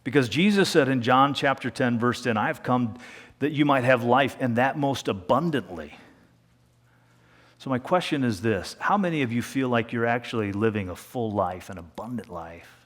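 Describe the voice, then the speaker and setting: A man preaching a sermon as pastor, talking in a conversational way and slowing down to a hush for emphasis. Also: mid-range voice, animated. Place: church sanctuary. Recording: long reverb of a church hall.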